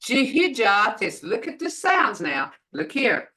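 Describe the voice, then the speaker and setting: A woman teaching a beginner language class over a video call, slowly sounding out each syllable for her students. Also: fairly high pitch, sing-song, sharp tone. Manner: slow, deliberate, sounding out syllables.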